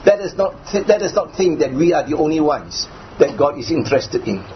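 A male preacher delivers a sermon in a fairly high voice, hammering each point through repetition and rhetorical questions. The recording is dull and lo-fi, with a faint hiss of background noise behind him. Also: sing-song, brisk.

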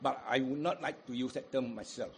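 A man's voice: mid-range voice, fairly quick, a little hiss or hum. A man preaching a sermon, acting out quoted crowd cries with rising and falling emphasis. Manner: sings hymn unaccompanied.

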